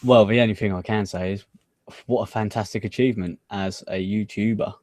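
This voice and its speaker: A man's voice: fairly low pitch, fairly even intonation, a little fast, darkish tone, dry recording. A man, co-hosting a casual gaming news chat in a dry, laid-back way. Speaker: co-host.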